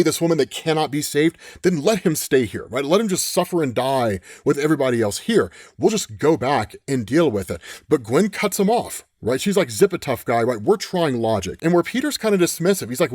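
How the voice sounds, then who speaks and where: A man casually recapping a comic story, animated, quoting the characters as he goes and tagging lines with a quick "right?". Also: a little high, no echo, clean studio sound. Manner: animated retelling, acts out lines in quick quotes, frequent "right?". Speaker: comic book explainer.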